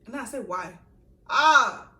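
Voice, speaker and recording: A young woman vlogger telling a story in a casual, animated way, with laughs and asides. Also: medium pitch, moderate pace. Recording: echoey room, a little far from the mic.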